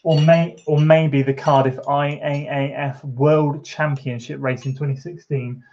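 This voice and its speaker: Through dull audio, a man with a slightly high, darkish-toned voice talks unhurriedly and in a level tone from his home kitchen on a live stream. He reads and answers comments from chat casually, rambling with fillers while being encouraging.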